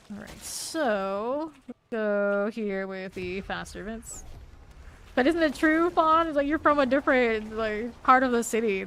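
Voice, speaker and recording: A woman's voice: medium pitch, slight background noise. A woman from Florida with a light Southern accent, chatting casually with her chat while she plays a game on stream. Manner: chatty, laid-back, answers chat while playing.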